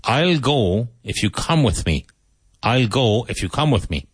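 A man teaching English vocabulary, saying each word slowly, repeating it and spelling it out, with tips on pronunciation. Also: mid-range voice, sing-song, husky, dry recording. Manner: slow, deliberate, repeats and spells out words.

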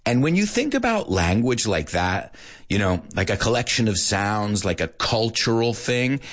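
Lively American man hosting a show. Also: fairly low pitch, normal speed. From United States. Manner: animated, playful, mixes Spanish in. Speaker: radio show host. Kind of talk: casual chat to Spanish-speaking learners.

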